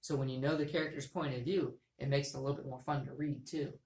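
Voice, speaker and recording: Low-voiced teacher explaining patiently. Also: female voice, steady tone, quick pace, darkish tone, a little hiss or hum. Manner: patient, repeats key points and models reading voices. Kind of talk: reading lesson for young students. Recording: echoey room.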